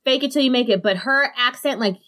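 A woman's voice: sits high, a little fast, sharp tone. A woman co-hosting a podcast, telling a story in loose casual chat, full of "like" fillers and swearing. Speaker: podcast co-host.

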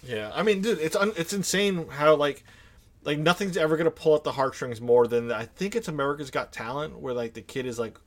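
A man's voice: a little high, a little fast. A young man co-hosting a podcast in a laid-back casual chat, full of filler words. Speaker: podcast co-host.

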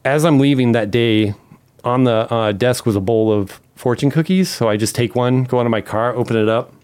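Podcast guest, man from Memphis, mid-pitched, loose and animated, acts out every quote. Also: normal speed, clear, resonant tone. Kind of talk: casual storytelling.

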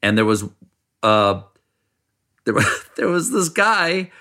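A middle-aged man from South Carolina, a podcast guest telling wry, animated stories. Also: on the high side, slow pace. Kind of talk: casual conversation, storytelling.

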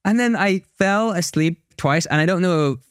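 A man's voice: high-pitched, normal speed, dry recording, studio quality. A tired man co-hosting a podcast, chatting casually, telling stories with frequent laughs and restarts. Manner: chatty storyteller, laughs often, rambling restarts. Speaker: podcast co-host.

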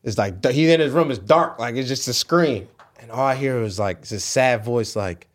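A young man of medium pitch talks at a normal speed. He's a pro basketball player appearing as a podcast guest, telling a story in casual chat with animated energy and acting out the voices in it.

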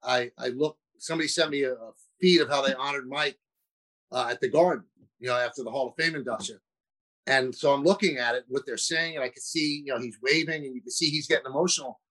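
A man's voice: medium pitch, fast, pushed and bright, rough recording. A man guesting on a talk show, a broadcaster chatting casually and self-deprecatingly, often restarting his sentences. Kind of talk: casual interview chat.

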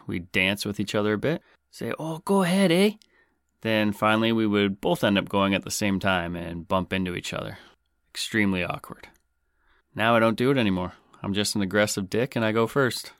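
A man's voice: fairly low pitch, a bit bright, clean tone, dry recording, clean studio sound. Joking Canadian man hosting a podcast. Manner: joking, self-mocking banter. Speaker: podcast host. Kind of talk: comedic podcast monologue.

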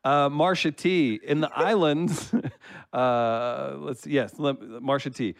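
A man's voice: medium pitch, slow, vocal fry, clear, resonant tone, dry recording. A man co-hosting a podcast, reading listener comments aloud in casual banter and laughing often. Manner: laughs often while reading, relaxed joking.

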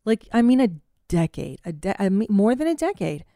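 A woman in her forties hosting a podcast, chatting casually and telling stories in a profane, self-mocking, animated way. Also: medium pitch, normal speed, no echo, studio quality. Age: 40s. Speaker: podcast host. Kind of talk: casual solo chat.

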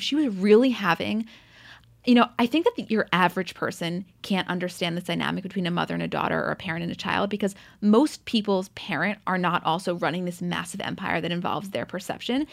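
A woman's voice: on the low side, fairly quick, gravelly, dry recording. A young woman co-hosting a podcast, animatedly recapping a reality show episode in casual chat and acting out quotes with plenty of swearing. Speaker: podcast co-host.

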